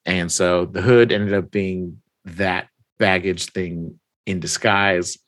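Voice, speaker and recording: His voice is low-pitched and steady, fairly bright, delivered slowly in a dry recording. A podcast co-host in casual chat, he animatedly recaps a story, quoting its characters in his own voice and laughing often.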